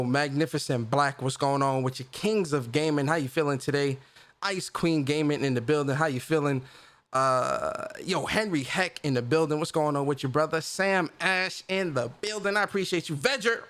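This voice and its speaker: A man's voice: fairly high pitch, normal speed, a bit bright. Slangy laid-back male streamer. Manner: slangy, laughs often. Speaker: livestream host. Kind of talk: casual livestream chat.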